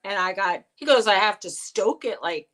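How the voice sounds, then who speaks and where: A middle-aged woman co-hosts a casual live-stream chat, spinning rambling stories and quoting the people in them. Her medium-pitched voice is animated and a bit bright, moving at a normal speed over a rough recording.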